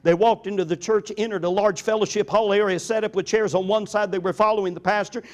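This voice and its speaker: An older man, a pastor preaching a sermon in an earnest storytelling way, slowing down to stress key points. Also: high voice, fairly even intonation, a little mellow. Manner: earnest storytelling, slows down for emphasis.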